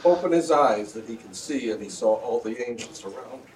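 A man's voice: mid-range voice, expressive, moderate pace, distant mic, crowd noise, low-quality recording. Man answering from across the room. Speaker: class member. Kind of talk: answering in a group discussion.

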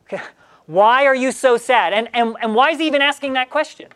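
Lively woman leading a Bible study. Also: high voice, fairly quick. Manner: animated, asks questions and acts out the psalmist.

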